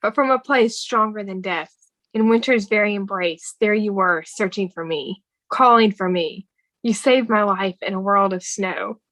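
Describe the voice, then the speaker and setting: A woman's voice: mid-range voice, moderate pace, no echo, rough recording. Woman podcast host recapping a film. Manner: reads quoted film dialogue aloud, warm and earnest. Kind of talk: casual movie recap chat.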